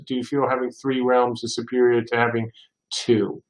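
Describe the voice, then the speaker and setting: A man's voice: mid-range voice, monotone, moderate pace. An older man hosting a casual livestream Q&A, reading viewer questions aloud and answering with rambling anecdotes. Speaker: game studio head hosting a livestream. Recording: roomy echo.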